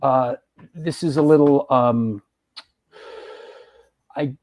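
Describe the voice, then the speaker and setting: A man's voice: medium pitch, slow pace, darkish tone. A man hosting a live interview stream, talking loosely with lots of fillers and restarts. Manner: loose, rambling, frequent fillers. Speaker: host. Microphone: video call.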